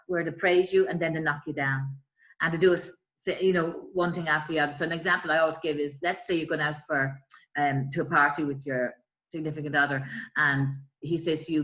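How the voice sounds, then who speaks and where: Earnest woman, lowish voice. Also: steady tone, a little fast, poor audio. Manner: earnest, acts out quoted voices, trails off softly. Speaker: guest explaining bullying. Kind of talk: explanatory chat.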